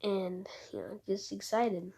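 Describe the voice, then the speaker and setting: A woman with a husky, slightly breathy voice unspools a fan story at an unhurried pace. She rambles casually, keeps falling into a soft near-whisper, and moves from scene to scene with "he's like." The register stays low-key and conversational. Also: fairly even intonation. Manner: rambling, retells dialogue with "he's like".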